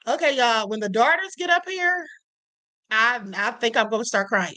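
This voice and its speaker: A middle-aged woman hosts a live stream and keeps talking straight to her chat in a loose, chatty way. Her voice is bright and forward and sits a little high. She keeps checking in with her viewers as she goes. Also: expressive, normal speed. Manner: chatty, addresses viewers as y'all, frequent "okay?".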